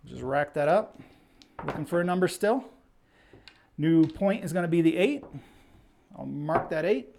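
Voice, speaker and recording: A man's voice: a little high, expressive, a little slow, vocal fry, pauses often, a little mellow, slight background noise. A man hosting a casual live stream, chatting and calling the action as he plays, a little out of breath. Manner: chatty, reads viewer names aloud. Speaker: livestream host.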